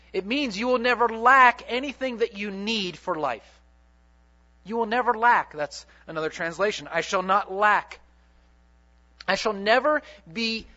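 A man preaching a sermon dramatically, repeating key phrases and swinging between loud and soft. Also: high-pitched. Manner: dramatic, repetitive preaching with big swings in loudness and pace. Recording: dull lo-fi sermon recording.

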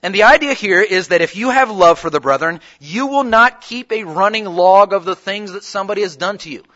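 A male pastor preaching to his church with a high, bright, forceful voice. He tells stories and acts out the dialogue as he goes. The recording is dull and lo-fi. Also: a little fast. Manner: animated storytelling, acting out dialogue. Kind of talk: sermon.

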